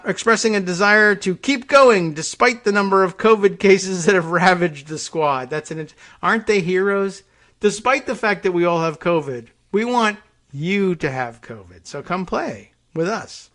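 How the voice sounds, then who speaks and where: A man's voice: a little high, a bit bright. A male host delivering a rambling, sarcastic monologue on a talk show, with plenty of hesitations and asides.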